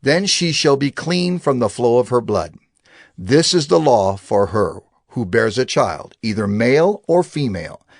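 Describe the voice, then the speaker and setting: A man giving a measured, expressive scripted narration of scripture. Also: mid-range voice, no echo, clean studio sound.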